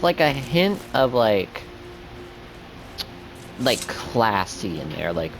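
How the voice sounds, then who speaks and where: A man's voice: medium pitch, huge pitch swings, a little slow, over music. A young man giving casual gameplay commentary as a streamer, chatty and rambling. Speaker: gaming streamer.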